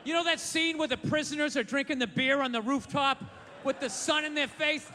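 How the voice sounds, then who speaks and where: A man doing a stand-up comedy rant, profane and bursting into shouts. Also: very high-pitched, a little fast, in a large hall, a little hiss or hum.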